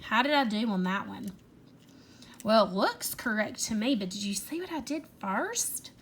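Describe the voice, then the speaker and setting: A woman teacher leading a young children's phonics lesson, stretching words in an animated, sing-song way. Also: mid-range voice, moderate pace, slight background noise.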